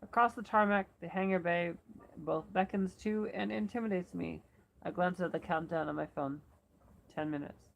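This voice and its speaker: A woman's voice: fairly low pitch, normal speed, creaky, a little hiss or hum, rough recording. A woman reading a first-person novel aloud as elocution practice, with asides and self-corrections. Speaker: reader.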